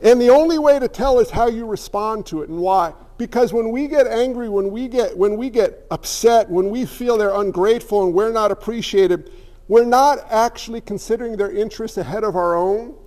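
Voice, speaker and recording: A man with a notably high voice delivers a sermon as a pastor. He talks conversationally, mixing jokes into his points and throwing rhetorical questions at his listeners. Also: moderate pace, a little mellow.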